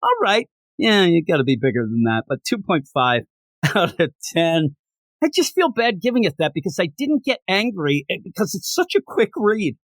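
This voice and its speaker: A man's voice: on the high side, very animated, normal speed, no room sound, clean studio sound. A man co-hosting a comics podcast in casual review chat, joking and swearing casually. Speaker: podcast co-host.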